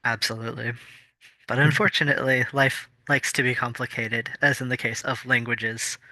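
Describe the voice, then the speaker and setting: Bright, dry-sounding male podcast host. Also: mid-range voice, flat delivery, moderate pace, no room sound. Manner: explanatory, thoughtful, with fillers and restarts. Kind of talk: casual chat.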